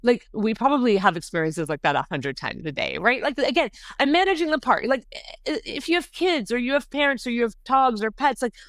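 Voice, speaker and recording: A middle-aged woman, a podcast guest, telling a story in a casual, animated way, often saying "like" and jumping high when she acts out quotes. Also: brisk, no echo. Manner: animated, says "like" often, jumps to high pitch acting out quotes.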